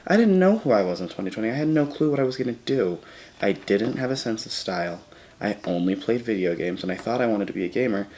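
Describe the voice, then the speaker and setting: A man's voice: on the low side, lively intonation, fast talker, a little mellow. A man talking to camera in a casual, reflective vlog, rambling and correcting himself as he goes. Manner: rambling, self-correcting, earnest. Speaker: vlogger.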